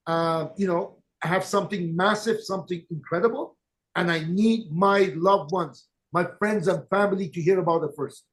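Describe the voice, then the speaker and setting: High-voiced emphatic man telling sales stories. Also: normal speed. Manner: emphatic and direct, repeats key points. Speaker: network marketing leader. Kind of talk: motivational storytelling talk.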